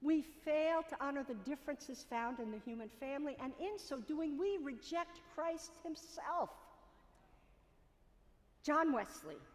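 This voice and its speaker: A woman with a high voice preaches a sermon. She builds her points in a rhythmic, repetitive cadence. Her words ring out with the long reverb of a large meeting hall. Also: lively intonation, a little slow.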